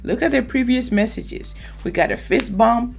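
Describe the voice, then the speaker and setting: A woman's voice: a little high, moderate pace, gravelly, breathy edge, faint music behind. A woman hosting a reaction video, commenting in an emphatic, opinionated way. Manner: emphatic, opinionated, lively asides.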